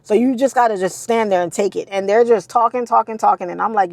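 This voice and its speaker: Woman, gravelly voice, middle pitch, blunt candid vlog story, casual swearing. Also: fast, hardly any pauses, no echo. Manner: blunt, swears casually, repeats herself for emphasis. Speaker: trader telling her own story.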